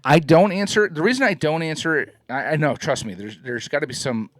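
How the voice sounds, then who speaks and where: A man's voice: on the high side, fairly quick. A man co-hosting a podcast in casual chat, agreeable and inclined to repeat himself. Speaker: podcast co-host.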